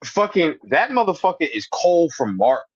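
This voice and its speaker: A man's voice: on the high side, sing-song, moderate pace, breathy edge, no room sound. A man co-hosting a casual wrestling podcast, cracking profane jokes and laughing a lot. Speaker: podcast co-host. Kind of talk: casual wrestling recap chat. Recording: muffled lo-fi audio.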